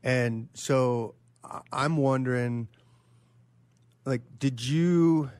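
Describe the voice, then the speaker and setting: A man's voice: medium pitch, very slow, darkish tone, clean tone, no room sound. A man co-hosting a podcast, asking long, hesitant questions with many restarts. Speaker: co-host. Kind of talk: casual interview chat.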